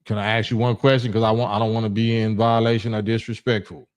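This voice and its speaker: A man's voice: fairly low pitch, little pitch movement, fast talker. A middle-aged man from Los Angeles hosting a livestream call-in, talking bluntly in casual street slang with frequent restarts. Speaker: livestream host.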